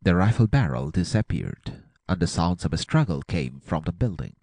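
Deep gravelly male audiobook narrator. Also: moderate pace, dry recording. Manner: dramatic, expressive reading.

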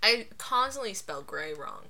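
A woman's voice: medium pitch, sing-song, measured pace, vocal fry, crowd noise. A woman co-hosting a podcast in casual chat, rambling and laughing often. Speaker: podcast co-host.

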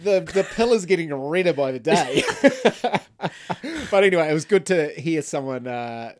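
A man's voice: on the high side, lively intonation, normal speed. A man co-hosting a casual podcast, telling stories in a chatty way and laughing between lines. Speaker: podcast co-host.

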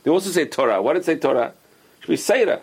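Fast gravelly rabbi teaching a class. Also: male voice, fairly high pitch, expressive. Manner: explains patiently with many examples and questions.

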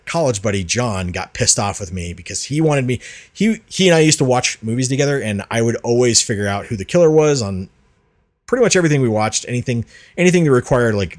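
A man hosting a casual podcast, talking loosely with frequent fillers and restarts. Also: lowish voice. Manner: rambling, many restarts and fillers. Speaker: podcast host. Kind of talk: casual chat about movies.

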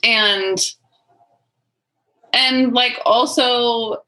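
A woman with a bright, clear voice shares her thoughts in a relaxed conversation. She muses thoughtfully, leaning on "like" and trailing restarts. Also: a little high, extremely slow, rough recording. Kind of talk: reflective conversational chat.

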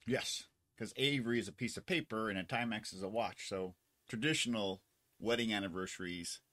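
A man co-hosting a casual livestream chat, talking in halting, rambling bits. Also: on the low side, a bit bright. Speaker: co-host.

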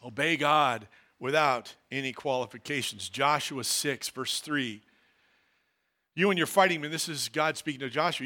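A man, a pastor, preaching a sermon in a church, swinging from loud declarations to quiet, low asides. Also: normal speed. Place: church hall.

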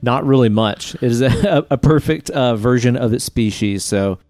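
A young adult man talks on his podcast in a laid-back, easygoing manner. His voice sits in a middle pitch. The sound is dry and close-miked. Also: normal speed, a little mellow, dry recording. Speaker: podcast co-host. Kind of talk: casual chat.

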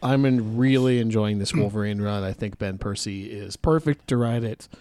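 A man with a lowish voice shares frank, easygoing opinions on comics in casual chat. The recording is dry and close. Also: moderate pace, mellow, smooth, dry recording. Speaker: comic book podcast co-host.

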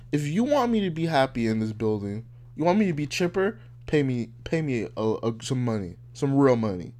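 A man's voice: mid-range voice, darkish tone. A man in his twenties hosting a podcast, ranting casually in a blunt, heated, profane way. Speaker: podcast host. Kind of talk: casual rant.

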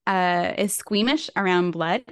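A woman's voice: lowish voice, measured pace, smooth, no echo, clean studio sound. A woman guest on an interview podcast, telling a personal story in a chatty way with many fillers and small laughs. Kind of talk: casual storytelling.

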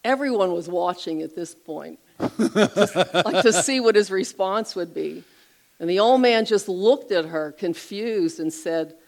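A middle-aged woman retelling an inspirational story on a Christian talk show, expressive and lively as she narrates. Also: on the low side, measured pace, rough recording.

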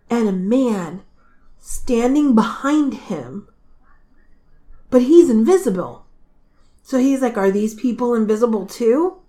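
Slow-talking emotional woman. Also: on the high side. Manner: emotional, animated retelling with voiced asides. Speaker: podcast co-host. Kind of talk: casual book discussion.

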